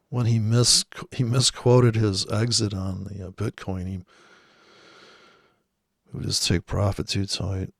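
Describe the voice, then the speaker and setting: Male trader talking over charts, gravelly voice, dry close mic, rambling and sarcastic. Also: lowish voice, level tone, measured pace, pauses often, no room sound. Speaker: forex trader. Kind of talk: casual screen-share trading commentary.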